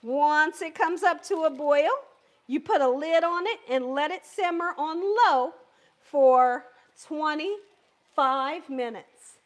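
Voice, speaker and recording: A woman's voice: sits high, takes it slowly. A woman hosting a live cooking stream from her home kitchen, chatty and encouraging, talking straight to her viewers. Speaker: cooking channel host.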